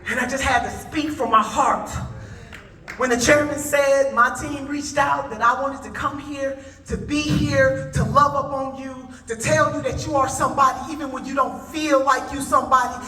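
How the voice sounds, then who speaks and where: A woman's voice: high-pitched, steady tone, moderate pace, bright, forceful tone. A woman giving an impassioned conference speech with a preacher-like cadence, folksy and rousing as she talks straight to the crowd. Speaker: conference speaker. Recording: echoey hall from a distance, with crowd and music.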